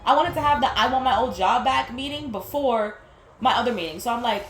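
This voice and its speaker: Exasperated young woman venting, high voice. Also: brisk, a little hiss or hum. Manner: candid and exasperated, swears freely, stumbles and restarts. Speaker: vlogger. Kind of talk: casual storytime rant. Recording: roomy echo, faint music.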